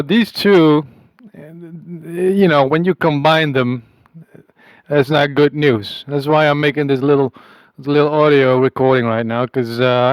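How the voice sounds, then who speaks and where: A man delivering a rambling, halting comic audio message in a put-on accent, with a conspiratorial, self-amused manner. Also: a little high, no room sound, low-quality recording. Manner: putting on an unplaced accent. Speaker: comic monologuist.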